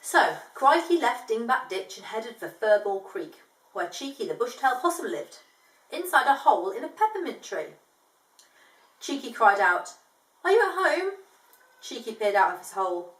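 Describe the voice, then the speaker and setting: A woman reads a children's picture book aloud with an animated lilt, her voice pitched fairly high. She pauses for friendly, chatty explanations between pages. The sound is roomy and echoey, as if she sits some way from the microphone. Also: far from the mic. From from outside Australia, now living there. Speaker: storyteller reading a picture book.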